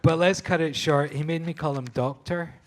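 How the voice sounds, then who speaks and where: Scottish man telling lively photo anecdotes. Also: fairly high pitch, normal speed, a little hiss or hum. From Scotland. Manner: enthusiastic storyteller, laughs often, restarts and fillers. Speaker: photographer on a panel. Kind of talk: anecdotal talk at a public event. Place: live talk venue.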